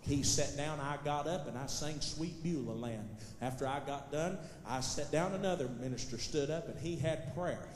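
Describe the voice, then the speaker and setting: A man's voice: on the high side, normal speed, hardly any pauses. Folksy man telling stories on stage. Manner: folksy Southern storyteller, building to loud punchlines. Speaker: gospel comedian telling a story on stage. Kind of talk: stand-up storytelling. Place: large hall with live audience. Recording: echoey hall recording.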